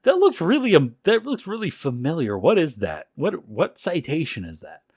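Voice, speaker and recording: A man putting on a high, eager TV newsman. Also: huge pitch swings, moderate pace, a little mellow, no room sound, clean studio sound, full character voice. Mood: amazed. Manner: incredulous, pressing questions. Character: curious, eager male TV journalist.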